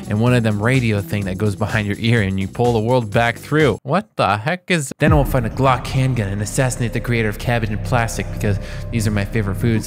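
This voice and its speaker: A YouTuber man reading viewer comments aloud and reacting to them with playful, mock-outraged asides. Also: medium pitch. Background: background music.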